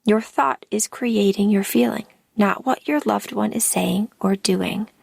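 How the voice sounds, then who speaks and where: A woman life coach hosting her podcast, speaking in a calm, deliberate scripted monologue, and her line ends often trail off into breath. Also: medium pitch, vocal fry, breathy edge.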